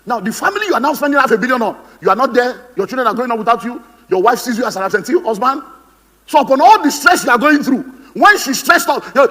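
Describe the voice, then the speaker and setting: A man's voice: very high-pitched, lively intonation, quick pace, pushed and bright, long reverb tail. A man with a Nigerian English accent, giving a humorous, theatrical seminar talk as a motivational speaker, acting out the voices he quotes. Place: conference hall on stage.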